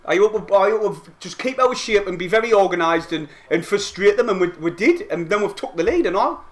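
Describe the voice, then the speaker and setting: A young man streaming a live football match reaction, shouting and swearing at big moments and then talking quietly as he reads the chat. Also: high voice, animated, a little fast.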